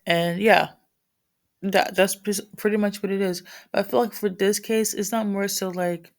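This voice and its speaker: A woman's voice: medium pitch, steady tone, normal speed. A woman with a morning voice giving a casual spiritual reading to viewers, rambling with many fillers and restarts. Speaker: spiritual reader.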